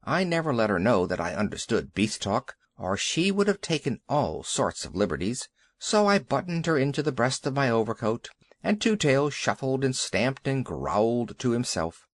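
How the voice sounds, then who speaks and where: A man narrating a children's audiobook in a lively, expressive way. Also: mid-range voice, normal speed, no room sound. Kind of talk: storybook narration.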